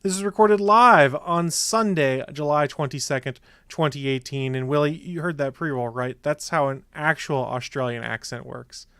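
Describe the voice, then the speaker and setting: A man's voice: fairly high pitch, moderate pace, few pauses, a bit bright, clean tone, no echo, clean studio sound. A man hosting a podcast, teasing his co-hosts in upbeat, casual banter. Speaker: podcast host.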